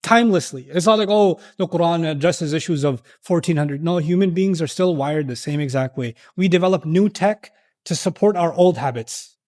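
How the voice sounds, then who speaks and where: A man giving an animated lecture on Quran verses to a live audience, asking rhetorical questions and acting out the voices he quotes. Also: fairly high pitch, moderate pace. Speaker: Islamic lecturer.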